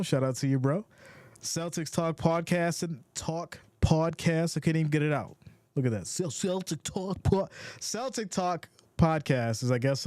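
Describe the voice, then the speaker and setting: A man's voice: a little high, a little mellow, no room sound. Upbeat New York man hosting a stream. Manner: upbeat, repeats phrases, greets chat viewers by name. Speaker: live stream host. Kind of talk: casual live-stream chat.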